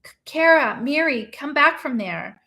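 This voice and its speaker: A woman's voice: sits high, measured pace, creaky, a bit bright, slight background noise, voice pushed up, full character voice. A woman voicing an injured grandfather pinned under a cabinet, pleading urgently.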